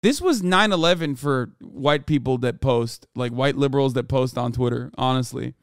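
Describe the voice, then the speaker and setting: Sarcastic man with a smooth voice. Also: medium pitch, normal speed, dry recording, clean studio sound. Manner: sarcastic, profane, mocking. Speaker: podcast host. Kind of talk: comedic commentary reading tweets.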